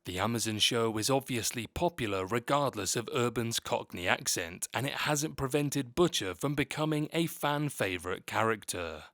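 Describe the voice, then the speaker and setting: A man narrating a scripted video essay in a steady, measured read. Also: medium pitch, no room sound, clean studio sound.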